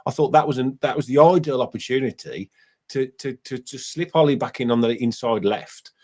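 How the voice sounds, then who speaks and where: A man hosting a casual football phone-in, chatty and matey with quick asides. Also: medium pitch, darkish tone. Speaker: host.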